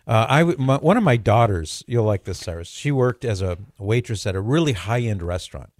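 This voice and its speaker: A middle-aged man hosts a talk show in a low voice, swapping anecdotes in a chatty way with halting restarts. The sound is dry and close, with no room around it. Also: lively intonation, a little mellow, no echo. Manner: chatty storyteller with hesitant restarts and chuckles. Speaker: radio talk show host. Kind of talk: casual talk radio chat.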